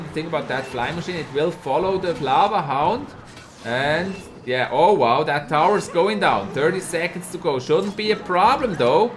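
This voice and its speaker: A Swiss esports caster and streamer with a Swiss German accent casts a live mobile game tournament while chatting with viewers. His voice is on the high side, and he's excitable and chatty, reading out chat and laughing. There's a little hiss or hum in the audio.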